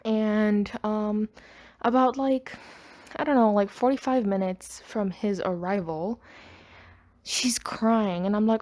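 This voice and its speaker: Woman podcaster rambling thru a storytime, casual chatty talk, mid pitch. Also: a little slow, darkish tone. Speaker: podcast host.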